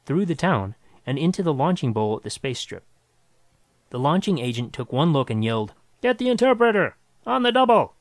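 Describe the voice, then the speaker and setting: A man reading a science fiction story aloud with dramatic, expressive narration. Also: mid-range voice, no room sound.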